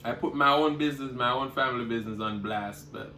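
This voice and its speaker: A man's voice: medium pitch, steady tone, quick pace, few pauses, roomy sound, faint music behind. A man, talking casually to viewers while eating and humming over his food. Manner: eating with loud savoring hums between remarks; chatty, talking straight to viewers. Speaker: cooking vlogger. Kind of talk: casual mukbang chat.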